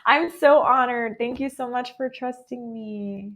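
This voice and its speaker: A woman's voice: on the high side, steady tone, measured pace. A woman with an American accent giving a chatty, upbeat live tarot reading, full of "um" and "like". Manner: chatty and upbeat, heavy with fillers like "um" and "like". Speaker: tarot reader.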